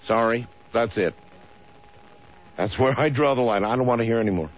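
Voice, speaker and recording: A man's voice: mid-range voice, normal speed, pauses often. A man hosting a late-night call-in radio show, wry and teasing, reacting to callers with mock disbelief. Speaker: radio talk show host. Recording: dull lo-fi radio broadcast.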